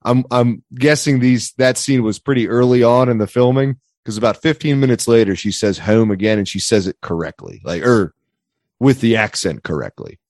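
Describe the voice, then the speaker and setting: A man's voice: medium pitch, animated, normal speed, darkish tone, no room sound, studio quality. A man in casual podcast chat, rambling and joking with lots of restarts. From Pennsylvania area. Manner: rambling, jokey, restarts and stumbles. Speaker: podcast co-host.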